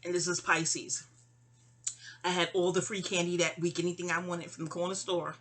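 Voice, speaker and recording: A middle-aged woman with a New York accent tells her vlog audience a personal memoir story, meandering through digressions, fillers, and restarts. Her fairly low, slightly bright voice moves at a normal speed with little pitch movement, over slight background noise.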